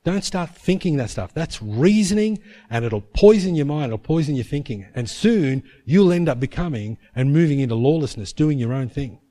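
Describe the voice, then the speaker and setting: A man preaching a sermon, telling a story emphatically and dropping to a hush for quoted prayers. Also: a little high, lively intonation, normal speed, hardly any pauses.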